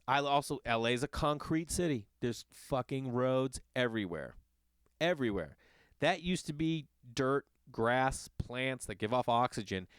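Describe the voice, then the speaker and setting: A middle-aged man ranting in a casual monologue, swearing often and jumping between loud outbursts and muttered asides. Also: mid-range voice, clean tone, dry recording, studio quality. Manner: ranting, profane, animated. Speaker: podcast host. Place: Los Angeles.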